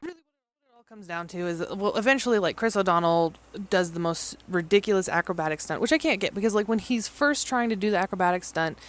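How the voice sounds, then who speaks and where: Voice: mid-range voice, fast, a bit bright. A movie vlogger giving a casual, rambling and profane recap of a film, mimicking the characters in mock voices.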